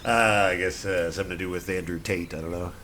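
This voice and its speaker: A man playing a bumbling, profane TV reporter in a comedy sketch, deadpan in tone. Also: low voice, fast, a little hiss or hum.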